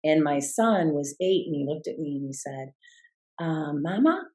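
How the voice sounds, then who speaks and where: A woman's voice: low-pitched, moderate pace, a little mellow. A middle-aged woman and life coach, telling a personal story in an interview in an earnest, reflective way with frequent restarts.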